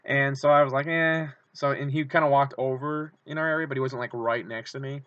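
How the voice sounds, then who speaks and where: A young man vlogging, rambling through an excited story and acting out his own shouts. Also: medium pitch, fairly quick, dry recording. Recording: dull lo-fi camera audio.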